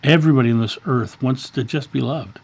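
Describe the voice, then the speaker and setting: A man's voice: medium pitch, fairly quick, creaky. A man in his fifties, a channel host, earnestly telling a story in a casual monologue and often repeating words. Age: 50s.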